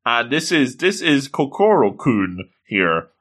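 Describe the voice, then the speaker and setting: An animated man reads a comic aloud, cracking jokes and exclaiming at each page. His voice is bright and forward, and the pitch jumps around with the excitement. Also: slow pace. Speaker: comic reader and commentator. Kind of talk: excited reading of a comic with commentary.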